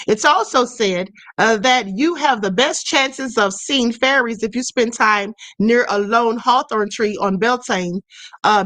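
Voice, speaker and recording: A woman's voice: fairly high pitch, a bit bright, no echo. Woman, live-stream host, chatty, checks in with "okay", reads comments aloud, dry close sound. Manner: conversational, peppered with "okay", reading viewer comments aloud.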